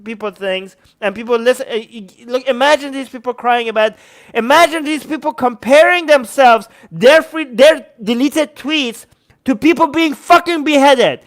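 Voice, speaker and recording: Male co-host, very high pitch, angry profane ranter. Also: normal speed. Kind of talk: heated political commentary.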